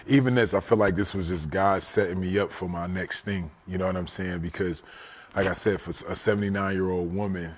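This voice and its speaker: A man in his forties, a guest telling a personal story in a casual, animated way. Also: low-pitched, fairly quick. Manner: animated storyteller, often says "you know what I'm saying".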